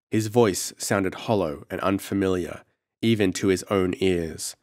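A man narrating a horror story in a measured, dramatic audiobook reading. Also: sits low, darkish tone, dry recording, clean studio sound. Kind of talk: scripted narration.

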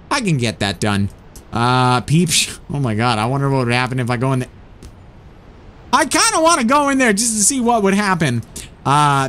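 A man hosting a let's play, talking through the game in an animated, self-mocking way. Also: medium pitch, slight background noise. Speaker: gaming channel host.

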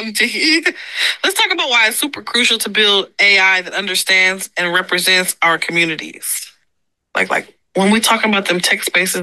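A woman's voice: medium pitch, bright, forceful tone, no room sound, low-quality recording. A woman voicing a streetwise AI persona with brash, slangy hype talk. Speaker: AI character played back on the podcast.

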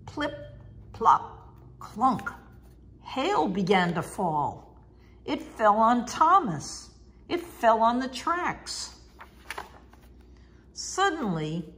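A woman reading a children's picture book aloud in an expressive, sing-song way. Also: medium pitch, slight background noise. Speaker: storyteller. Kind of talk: storybook read-aloud.

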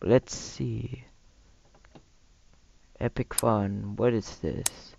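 A young man commentating a gameplay video, shouting and laughing between low mutters. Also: very animated, drawn-out words, vocal fry, pauses often, a little hiss or hum. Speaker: gamer. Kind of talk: let's play commentary.

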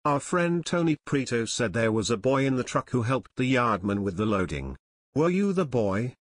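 A man's voice: mid-range voice, big pitch swings, normal speed, no room sound, studio quality. A man voicing Joe, an eager younger teenage boy detective who talks in a direct way.

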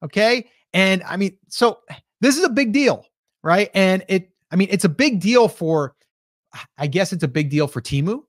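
A man's voice: sits high, no echo, studio quality. A man co-hosting a casual discussion, thinking aloud with hesitations and restarts. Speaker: podcast co-host.

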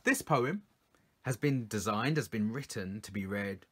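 Slow, expressive man reading poems aloud. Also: on the low side, breathy edge. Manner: teacherly, coaching listeners to join in; swings from loud calls to soft whispers. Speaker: children's poet reading his poems. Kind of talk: performance poetry reading for children.

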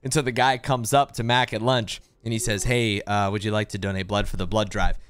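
A man's voice: lowish voice, a little fast, clear, resonant tone. A young man in casual chat, telling a story with lots of acted-out quotes. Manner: animated storyteller, acts out quoted people. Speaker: podcast co-host. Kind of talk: casual storytelling among friends.

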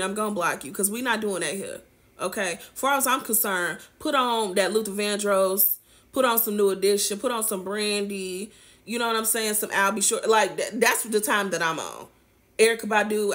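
A woman with a fairly bright, mid-range voice hosts a celebrity gossip show, addressing viewers directly in a sassy, chatty, slang-filled style of casual commentary.

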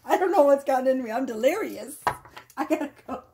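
A woman's voice: sits high, animated, fast, dark tone, a little hiss or hum. A woman tarot reader chatting casually with viewers, giggly, playful and sassy, laughing often. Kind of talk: casual tarot reading chat.

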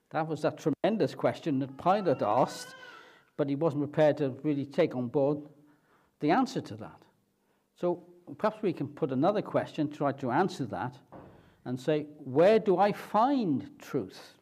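Man preaching a sermon, slightly higher voice, slow and measured. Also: mellow. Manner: slow, deliberate preaching with rhetorical questions.

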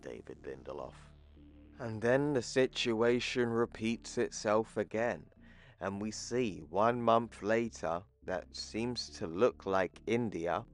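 A man casually recapping a comic book, with excitable, profane commentary. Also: on the low side.

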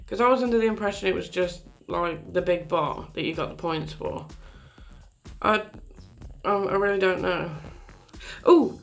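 A woman giving chatty, exasperated commentary over a game she is playing, with plenty of mild swearing. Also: medium pitch. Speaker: gaming commentator. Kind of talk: live gameplay commentary.

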